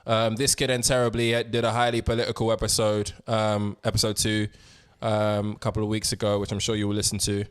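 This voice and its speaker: A man co-hosting a podcast in a room, in casual, relaxed chat with many hesitations and casual swearing. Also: lowish voice, brisk, few pauses, smooth, no room sound, clean studio sound. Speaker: podcast co-host. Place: indoor room.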